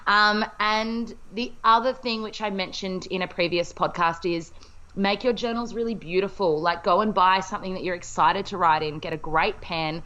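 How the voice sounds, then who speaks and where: A woman's voice: medium pitch, moderate pace, bright, forceful tone, muffled recording. A young woman co-hosting a podcast in casual chat, bubbly and chatty, laughing often over a video call. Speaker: podcast co-host.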